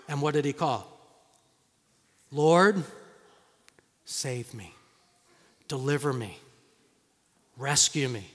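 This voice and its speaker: A male pastor preaching a sermon in a dramatic, storytelling way, acting out voices and dropping to hushed tones. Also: a little high, long reverb tail.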